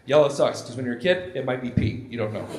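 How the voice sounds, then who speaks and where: A man in his forties doing a stand-up comedy routine on stage, loud and animated, often shouting for effect. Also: mid-range voice, quick pace, heavy background noise. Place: comedy stage before a live audience. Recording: echoey live room with crowd.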